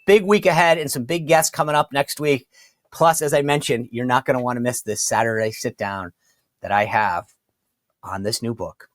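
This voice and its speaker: A political talk show host with a mid-range voice gives an emphatic, incredulous commentary monologue, reading quotes aloud mockingly and repeating himself. There's slight background noise.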